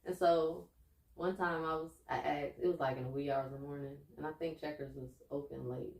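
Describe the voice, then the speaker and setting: A young woman with a lowish voice talks candidly as a podcast co-host, earnest and then lively and laughing as the stories build. She sits a little back from the mic in an echoey room. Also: a little fast, distant mic. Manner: earnest, turns animated and laughing when telling stories. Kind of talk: candid casual chat.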